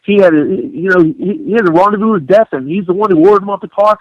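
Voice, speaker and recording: A gullible, glib man with a high, sing-song voice, as a man puts him on to mock him. He sounds sarcastic and carefree. The sound is dull and lo-fi, like an old radio broadcast, and dry. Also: fast, no echo, natural voice.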